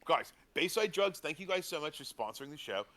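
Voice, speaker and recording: A man's voice: fairly high pitch, lively intonation, fairly quick, sharp tone. A man playing a laid-back talk show co-host in a role-play game, casually chatting and tagging his lines with easygoing slang. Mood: laid-back banter.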